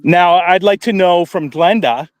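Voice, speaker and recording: A man's voice: high voice, unhurried, no room sound. A man on a live paranormal stream, talking from a cemetery at night with many ums, restarts and dry sarcasm. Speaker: paranormal investigator. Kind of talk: casual live-stream chat.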